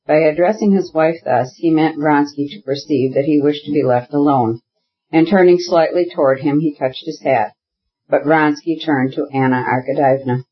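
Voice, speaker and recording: A man narrating a classic novel as an audiobook, in a measured, even reading. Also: medium pitch, husky, muffled recording. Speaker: audiobook reader. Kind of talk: scripted narration.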